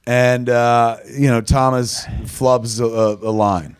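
A man's voice: mid-range voice, little pitch movement, slow pace, clear, resonant tone. A man hosting a casual chat, telling rambling, profanity-laden stories about shooting a film. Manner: heavy swearing, rambling anecdotes. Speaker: filmmaker host.

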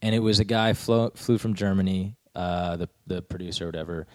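Deep-voiced man telling animated stories. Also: a little fast, dry recording, clean studio sound. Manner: animated storyteller, acts out quotes in high voices. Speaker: guest comedian and actor. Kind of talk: casual podcast chat.

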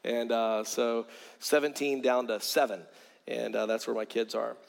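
A man's voice: mid-range voice, steady tone, unhurried, vocal fry. Earnest evangelist man preaching in a hall. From South Carolina. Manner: earnest, repeats words as he builds a point. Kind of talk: sermon with storytelling. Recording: long hall reverb.

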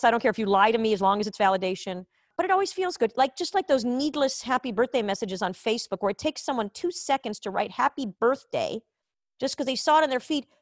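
A woman from Israel rambles through a casual comedy monologue, swearing freely and poking fun at herself. Her voice sits mid-pitch and sounds close and dry, like a computer mic on a video call from home. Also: no echo. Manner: chatty, profane, self-mocking, jumps between topics. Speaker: comedian hosting a live online show. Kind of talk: casual rambling stand-up chat.

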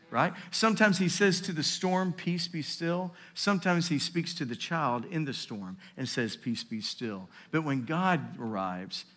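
Lively, bright-voiced male preacher. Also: mid-range voice. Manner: preaching with call-and-response asides, builds to shouting. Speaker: pastor. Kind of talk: sermon.

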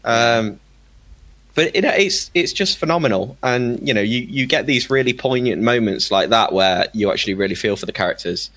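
A man's voice: medium pitch, animated, normal speed, fairly bright tone. A man chatting casually on a podcast, enthusiastic, laughing often and stumbling over repeated words. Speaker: podcast regular recommending a film. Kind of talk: casual chat.

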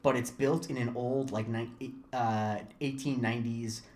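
A man's voice: medium pitch, unhurried. Young male podcast co-host from Florida, casual rambling storyteller, mid-range voice. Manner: rambling, self-interrupting, animated storytelling. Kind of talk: casual chat.

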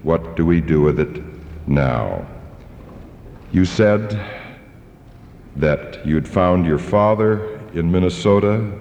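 A man moderating a public forum for radio, speaking in measured, formal phrases in a large church hall. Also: low voice, a little mellow, a little hiss or hum. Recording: echoey church hall, dull radio sound.

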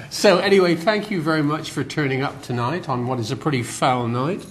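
A man's voice: fairly high pitch, lively intonation, normal speed, few pauses, heavy background noise. An older man with a West Country accent giving a public lecture in a hall, chatty and self-deprecating, with fillers and restarts. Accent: West Country English. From West Country of England. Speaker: guest lecturer.

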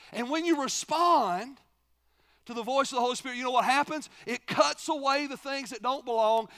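High, bright-voiced preaching man. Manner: preaching with rhetorical questions to the congregation; swings from loud emphasis to hushed, low delivery. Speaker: pastor. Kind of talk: sermon.

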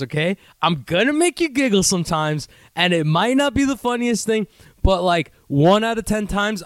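A young man hosting his own podcast, ranting in a profane, rambling, self-mocking way and sometimes doing mocking high voices. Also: no room sound, studio quality. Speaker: podcast host. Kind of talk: casual solo podcast rant.

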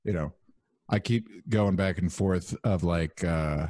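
A young man hosting a podcast, chatting casually in a relaxed, rambling way with lots of fillers. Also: sits low, slow, no room sound. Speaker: podcast host.

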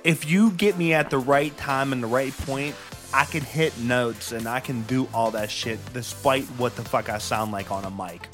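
A man in casual chat among friends, talking slowly, laughing and swearing. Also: medium pitch, a bit bright, faint music behind.

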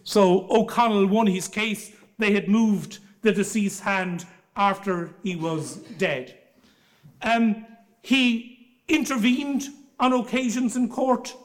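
A man, a barrister giving a formal lecture and telling anecdotes in a measured storytelling way. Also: high-pitched.

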